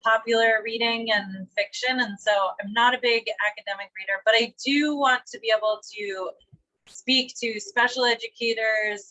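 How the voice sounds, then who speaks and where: A woman from the audience asking a speaker a question, thoughtful and pausing to find her words. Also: on the high side, steady tone, sharp tone, poor audio.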